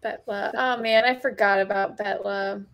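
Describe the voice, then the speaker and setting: A woman's voice: mid-range voice, steady tone, moderate pace, vocal fry, fairly bright tone. A woman who is a guest writer on a live stream, chatting eagerly and openly. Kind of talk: casual chat among writers.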